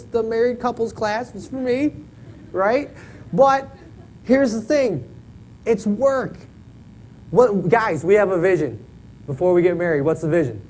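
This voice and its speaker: A man's voice: high-pitched, slight background noise, low-quality recording. A man in his thirties preaching a folksy, joking sermon in a church, often checking in with "right?". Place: church sanctuary.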